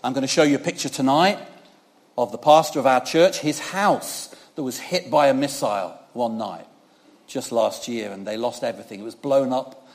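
A male preacher delivers a church sermon at a moderate pace in a mid-range voice. He speaks conversationally, peppering the congregation with tag questions and moving back and forth between forceful, loud moments and softer passages.

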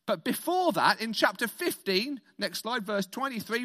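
A man from Britain preaching an all-age sermon, animated and playful, leading the congregation in call-and-response. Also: very high voice, moderate pace, hardly any pauses.

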